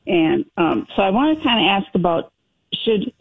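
A woman's voice: mid-range voice, very animated, gravelly, breathy edge, no echo. Hesitant woman caller on a dull line. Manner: hesitant, many ums, halting phrases. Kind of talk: phone-in question.

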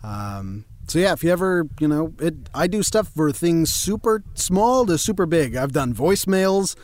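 A man's voice: fairly high pitch, animated, normal speed, a little mellow. A young man, a voice actor, chatting casually as an interview guest; self-deprecating, laughs easily and slips in and out of voices. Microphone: home studio.

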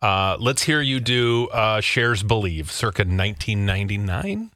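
A man's voice: on the low side, lively intonation, measured pace, bright, forceful tone, no room sound, clean studio sound. A man hosting a radio show who leads the chat and teases his co-hosts. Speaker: radio host. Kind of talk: casual banter.

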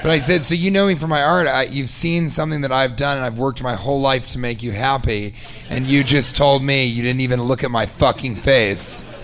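A man telling a comic story, sarcastic and animated, acting out both sides of a conversation. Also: mid-range voice, brisk, slight background noise. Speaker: comedian. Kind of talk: comedic storytelling.

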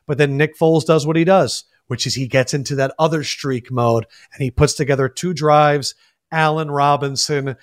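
A man hosting a casual sports podcast, talking in an animated, rambling storytelling way. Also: fairly high pitch, moderate pace. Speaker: podcast host.

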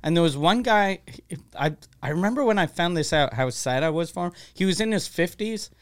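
A man's voice: fairly high pitch, animated, a little fast, clear, resonant tone. A man telling blunt, crude stories in a casual chat. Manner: storytelling, blunt, crude humor.

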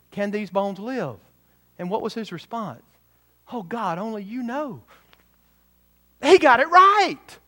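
High-voiced animated man preaching. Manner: animated preaching, rhetorical questions, quick asides. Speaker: pastor. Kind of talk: sermon.

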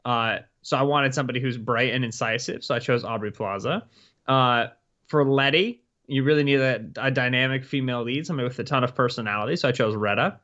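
A man's voice: medium pitch, fast, a bit bright. Rambling man with a muffled mic. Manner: loose, rambling, heavy on fillers. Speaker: podcast co-host. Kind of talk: casual podcast chat. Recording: slightly muffled, lo-fi.

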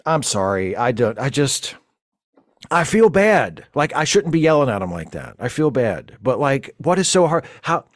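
A man's voice: on the high side, sing-song, moderate pace, few pauses, dry recording. A man playing a flustered, rambling space-fleet lieutenant who stammers through a comedic audio monologue. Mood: exasperated.

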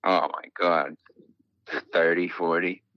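A man's voice: low-pitched, level tone, takes it slowly, pushed and bright, no room sound. A man with a Boston accent, calling in to a trivia quiz and guessing unsurely. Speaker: caller. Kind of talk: casual phone call. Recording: muffled phone line.

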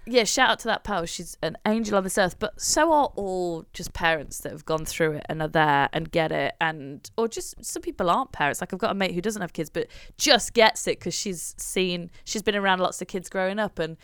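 Chatty woman, crisp dry voice. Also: lowish voice, lively intonation, moderate pace, few pauses, fairly bright tone, dry recording. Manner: chatty, storytelling, laughs often. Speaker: podcast co-host. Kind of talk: casual chat.

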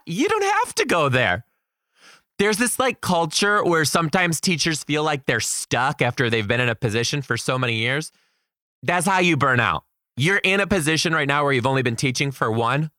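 Brief: young male teacher, bright lively voice, dry close sound, emphatic storyteller. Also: a little high, dry recording. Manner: animated, emphatic, quotes people dramatically. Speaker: teacher giving career advice. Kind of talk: storytelling advice monologue.

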